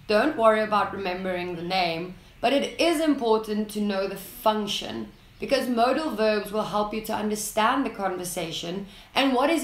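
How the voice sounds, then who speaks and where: A woman narrating an English lesson in a slow, deliberate way, reading out example sentences with clear enunciation. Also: medium pitch, roomy sound. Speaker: English teacher.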